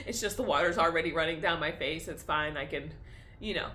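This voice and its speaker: A woman's voice: deep voice, normal speed, pushed and bright. A young woman talks candidly in a personal vlog, confessional and tearful, laughing through tears as her feelings swing back and forth. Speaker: vlogger.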